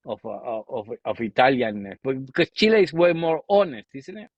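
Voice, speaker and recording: An Argentine man with a Spanish accent hosts a relaxed chat, often ending his remarks with "isn't it?" His voice sounds muffled and lo-fi, with a dry sound and no room echo. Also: medium pitch, normal speed. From Buenos Aires, Argentina. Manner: conversational, asks leading questions with "isn't it?". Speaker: podcast host. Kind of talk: casual interview chat.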